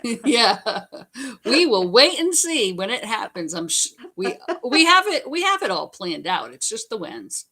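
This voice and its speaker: A woman joins the conversation with quick, casual interjections. Her pitch swings widely and she laughs her way through half-finished phrases. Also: big pitch swings, pushed and bright. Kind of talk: casual chat.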